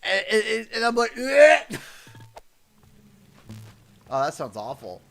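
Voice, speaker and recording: A man's voice: high-pitched, sing-song, fairly quick, gravelly, bright, forceful tone, soft background music. A man in his thirties chatting casually while livestreaming a game, a chatty storyteller who laughs and acts out voices. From Canada. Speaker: livestreaming gamer.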